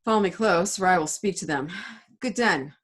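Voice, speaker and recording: A proud, hostile young Tybalt, read aloud by a woman in a lowish voice. The reading is firm and emphatic, a plain at-home read-through rather than a stage performance. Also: lively intonation, moderate pace, fairly bright tone, husky. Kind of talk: casual read-aloud of a play.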